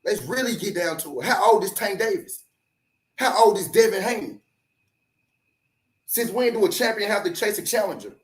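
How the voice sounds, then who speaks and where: A man rants hard about boxing, repeating points and cursing freely. His voice sits fairly high for a man. The sound bounces around an echoey room. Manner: animated, profane, repetitive, does mocking voices of critics. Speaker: sports talk host. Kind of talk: heated solo rant to camera.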